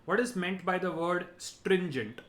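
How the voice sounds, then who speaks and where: A man's voice: high voice, unhurried, fairly bright tone. A man giving a vocabulary lesson, explaining each word and checking in with "right?". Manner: explanatory, repeats key words, ends points with "right?". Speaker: teacher.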